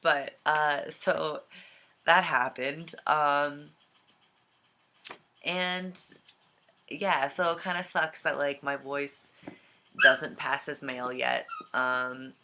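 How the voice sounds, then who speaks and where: A young man vlogging casually from home, with a slightly scratchy, gravelly voice and a hesitant way of talking full of ums. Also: on the high side, drawn-out words, pauses often, bright, forceful tone. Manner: hesitant, many ums and trailing thoughts. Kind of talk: casual vlog chat. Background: dog and cat noises.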